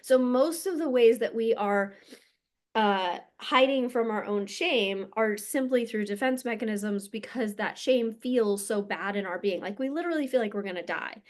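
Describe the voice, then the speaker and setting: Casting: woman energy coach, higher-pitched, blunt and emphatic, casual swearing monologue. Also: normal speed.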